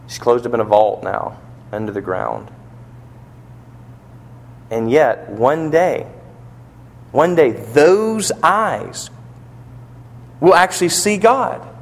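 A man's voice: medium pitch, lively intonation, takes it slowly, gravelly, long pauses. A man preaching a sermon, building to emphatic peaks and asking rhetorical questions, in a church or funeral hall. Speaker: pastor. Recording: long reverb of a large hall.

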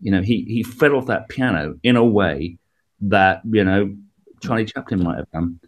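A man with a fairly low voice chats as a guest comedian in an interview. He rambles, restarts sentences, and gets animated as he explains things. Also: moderate pace. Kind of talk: radio interview conversation.

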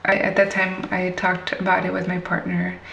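A woman speaks candidly about her past in a gravelly voice with a touch of vocal fry, sitting a little back from the mic. The room is echoey and there is a faint hum of ambience. She stays reflective and laughs lightly at hard memories. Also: lowish voice, completely flat delivery, normal speed, a bit bright, distant mic. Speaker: interview guest. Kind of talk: personal storytelling in conversation.

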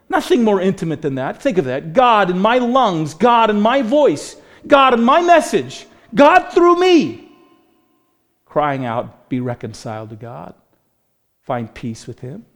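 Gravelly preacher man in a reverberant hall. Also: on the high side, darkish tone. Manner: earnest, building to fervent peaks. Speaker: pastor. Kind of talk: sermon.

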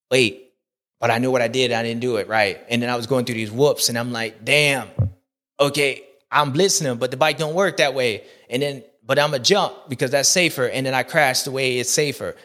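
A man's voice: medium pitch, a bit bright, lightly acted. A man doing an impression of a cocky young male rider who rambles in slang and keeps contradicting himself.

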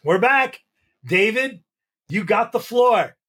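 A man's voice: sits high, expressive, takes it slowly, fairly bright tone. A man hosting a sports talk show, explaining the topic and handing the floor to his co-host. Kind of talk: hosting a talk show, history-minded commentary.

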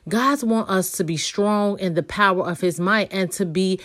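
A woman's voice: mid-range voice, normal speed, a bit bright. A woman who speaks, leading a devotional talk in a fervent, repetitive preaching style with spoken prayers. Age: adult.

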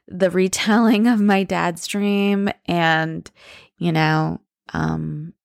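A woman's voice: on the low side, creaky, no echo, studio quality. A woman retelling her father's dream, heartfelt and hesitant, teary-eyed at times. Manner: heartfelt, hesitant, with fillers and restarts. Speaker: storyteller. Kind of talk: emotional retelling of a story.

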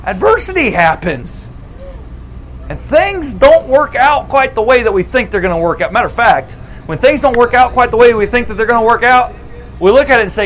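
A man preaching a sermon as a pastor, conversational and animated, repeating phrases for emphasis. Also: high voice, moderate pace, slight background noise, rough recording.

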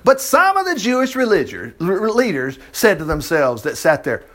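Man, preacher, folksy and chatty, lively pitch, slightly high voice. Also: normal speed, hardly any pauses. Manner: folksy, animated, reads scripture then riffs with jokes and laughs. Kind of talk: conversational Bible teaching with asides.

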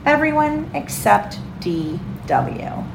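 A woman's voice: high voice, very animated, vocal fry, background noise. Mother reading a storybook in a roomy room. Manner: pauses to quiz the children. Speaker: mother reading to her children.

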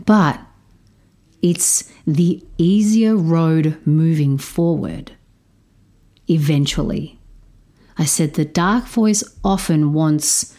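Slow, mellow-voiced woman telling a story. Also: lowish voice. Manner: slow, measured, reflective delivery. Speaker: stepmother telling a parenting story. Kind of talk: storytelling talk.

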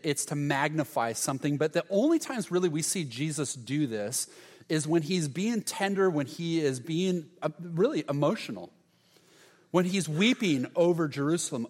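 A man preaching a sermon as pastor, earnest, letting key lines fall soft and low. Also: in a large hall.

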